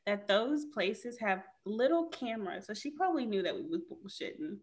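A woman's voice: mid-range voice, normal speed. A woman in casual chat as a podcast co-host, swearing freely, laughing often and telling stories with emphasis. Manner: storytelling, lively and emphatic.

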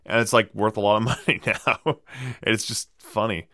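A man's voice: lowish voice, fairly even intonation, moderate pace, pushed and bright, no echo, studio quality. A man hosting a casual movie podcast, reeling off trivia in a wry, sardonic way with plenty of fillers.

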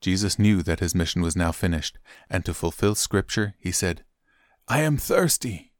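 A man reading a Bible chapter aloud in steady, clear narration. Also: deep voice, moderate pace, no echo, clean studio sound. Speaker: Bible reader. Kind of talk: scripted scripture reading.

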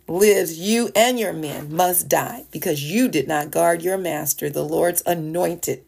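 A woman's voice: on the low side, vocal fry, darkish tone. A woman hosting a devotional podcast, reading a Bible passage and explaining it in a chatty way with small laughs. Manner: reads scripture aloud, then explains it in a chatty way with small laughs. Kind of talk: casual Bible teaching. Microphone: podcast voice message recording.

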